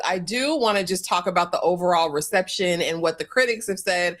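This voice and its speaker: Chatty woman hosting a panel. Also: mid-range voice. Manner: relaxed, chatty, asks panelists questions. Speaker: host. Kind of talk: casual live panel discussion.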